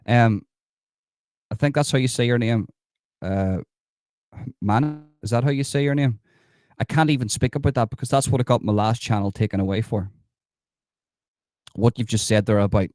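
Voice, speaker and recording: A man's voice: medium pitch, darkish tone, no room sound, clean studio sound. An Irish man hosting a livestream, talking emphatically to his viewers and reading out the chat, with plenty of repetition. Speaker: livestream host.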